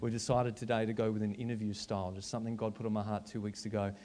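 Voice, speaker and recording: Joking pastor on a church stage. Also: male voice, fairly low pitch, quick pace. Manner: jokey, self-interrupting, animated. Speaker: pastor hosting a church service. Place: church auditorium.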